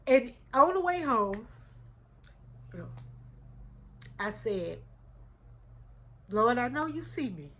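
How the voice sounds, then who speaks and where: A woman's voice: fairly high pitch, big pitch swings, slow, pauses often. Heartfelt woman vlogging. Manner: heartfelt, addresses viewers as y'all. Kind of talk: emotional casual chat to viewers.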